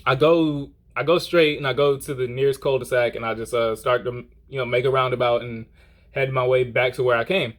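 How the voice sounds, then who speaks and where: A young man telling a story in a casual, animated way, rambling with lots of fillers. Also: mid-range voice, a little fast. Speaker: vlogger.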